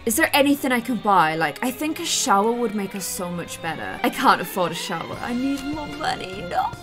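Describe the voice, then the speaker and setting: Woman in her twenties, giggly gaming commentary, lively pitch, faint background music. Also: brisk. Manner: chatty, giggly, self-mocking. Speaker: gaming YouTuber. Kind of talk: Let's Play commentary.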